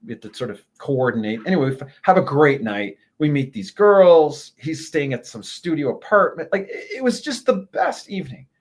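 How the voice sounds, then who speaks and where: A man, a guest telling a lively travel story in a casual interview, laughing and swearing as he goes. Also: a little high, moderate pace, few pauses. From Canada.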